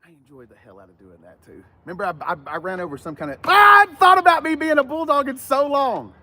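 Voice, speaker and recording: A car vlogger with a Southern accent talks fast in a very high, pushed, bright voice with big swings in pitch. He's shooting a casual vlog at a car lot, rambling, joking and losing his train of thought.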